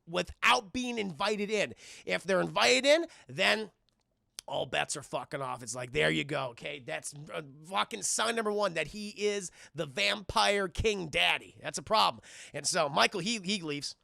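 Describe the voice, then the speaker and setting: A man's voice: sits high, vocal fry, no echo, clean studio sound. A man casually recapping a film scene by scene for his live chat, swearing often and acting out the characters. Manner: animated, swears a lot, acts out scenes. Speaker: streamer reviewing a film.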